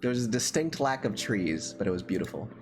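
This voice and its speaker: A man's voice: on the low side, expressive, fairly quick. A young man hosting a livestream who tells stories casually, laughs often and swears freely. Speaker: livestream host. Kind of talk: casual storytelling chat.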